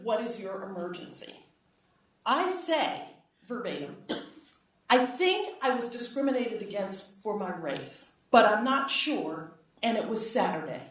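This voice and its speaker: A middle-aged woman giving a public lecture, telling a personal story with lively acted-out dialogue and frequent "right?" asides. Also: medium pitch. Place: lecture hall. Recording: echoey hall, voice from far off.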